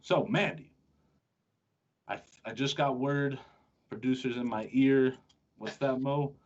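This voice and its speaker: Man, sports podcast host, husky voice, chatty and joking, lo-fi recording. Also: mid-range voice. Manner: chatty, joking, quick-talking with restarts. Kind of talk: casual sports chat. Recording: dull lo-fi sound.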